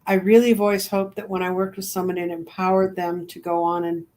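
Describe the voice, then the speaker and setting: A woman in her seventies, a crystal reader, chatting as a guest and telling lively stories in which she acts out the voices of others. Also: lowish voice, fairly quick. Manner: chatty, animated storyteller acting out quoted voices. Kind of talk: casual storytelling chat.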